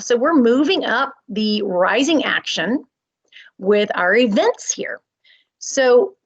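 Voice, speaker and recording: A woman's voice: on the high side, dull audio. A woman teacher reading a play aloud, explaining with dramatic emphasis and repetition. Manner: expressive, dramatic, repeats key points. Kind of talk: read-aloud lesson.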